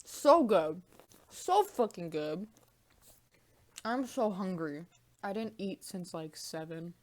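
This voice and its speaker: Lively, profane young woman vlogger. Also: lowish voice, slow. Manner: profane, rambling, animated banter; talks while eating. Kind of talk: casual mukbang vlog chat. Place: at home.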